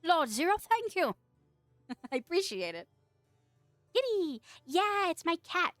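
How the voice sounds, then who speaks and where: Giggly streamer woman with a lively high voice. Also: slow, no room sound. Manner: giggly and playful, laughs often. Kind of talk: casual livestream chat, reading out chat. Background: faint background music.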